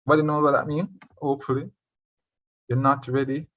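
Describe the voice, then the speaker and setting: A man's voice: mid-range voice, level tone, a little fast, fairly bright tone, dry recording. Jamaican guy teaching spanish online, switches english and spanish, dry kinda dull call audio. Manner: mixes English and Spanish, quizzes students. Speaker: Spanish tutor. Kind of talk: online revision lesson.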